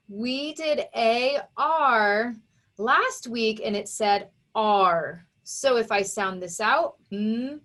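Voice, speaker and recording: A woman teacher walks young readers through a word list, sounding out letters and syllables slowly and clearly. Her voice sits a little high. She stays patient and encouraging from word to word. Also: fairly bright tone. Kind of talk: reading lesson for young children.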